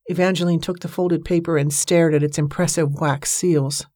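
Woman narrating a story, measured. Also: low voice, steady tone, mellow, slightly rough, no echo, studio quality. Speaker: audiobook narrator. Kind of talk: scripted narration.

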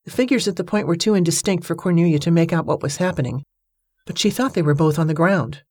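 Woman narrator, low voice, measured storytelling, dry close recording. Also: a little mellow, breathy edge, no echo. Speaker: audiobook narrator. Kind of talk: scripted narration.

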